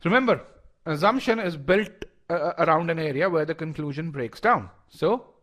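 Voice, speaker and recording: A man's voice: on the high side, normal speed. A man leading a live online class, talking through reasoning step by step with lots of restarts and fillers and polling his students. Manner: animated, frequent restarts and fillers. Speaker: test prep instructor.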